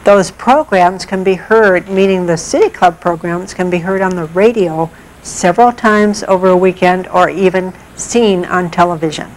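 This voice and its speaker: A woman with a lower voice explains art history in a measured, thoughtful manner, pausing as she gathers her thoughts. Faint hiss sits under the recording. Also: low-quality recording. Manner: measured, thoughtful, with pauses and fillers. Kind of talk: explaining in an interview.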